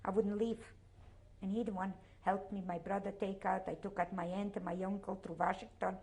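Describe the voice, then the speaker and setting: An older woman from Poland with a Polish accent, giving a halting, emotional oral history interview and often repeating herself. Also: medium pitch, flat delivery, darkish tone.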